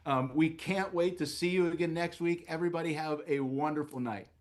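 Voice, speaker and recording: A man's voice: a little high, brisk. A man presenting at a company event, earnest and upbeat, polished, reading from a script.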